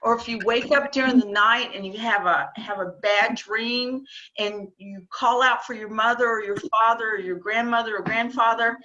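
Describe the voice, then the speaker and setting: Bright-voiced woman teaching children over a video call. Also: fairly high pitch, steady tone, moderate pace. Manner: gentle, coaxing, repeats her questions. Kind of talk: children's Bible lesson, asking questions. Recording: dull lo-fi video call audio.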